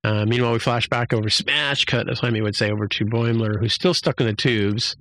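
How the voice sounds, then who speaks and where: A man's voice: mid-range voice, steady tone, fairly quick, fairly bright tone, no room sound. A man hosting a podcast, casually recapping an episode with many fillers and restarts. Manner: rambling, many fillers and restarts, acts out quotes.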